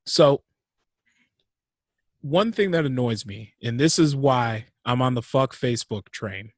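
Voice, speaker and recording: A young adult man talks bluntly on a podcast, swearing freely and giving his opinions straight. His voice sits at an ordinary middle pitch, and the recording is dry and close, with almost no room sound. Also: expressive, unhurried, no room sound. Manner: blunt, profane, frank opinions. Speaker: podcast co-host. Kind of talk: casual podcast chat.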